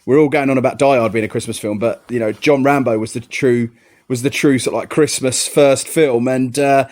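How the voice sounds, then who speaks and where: A man's voice: mid-range voice, steady tone, brisk, darkish tone. A man co-hosting a casual chat, telling jokey stories with mock outrage. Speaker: podcast co-host.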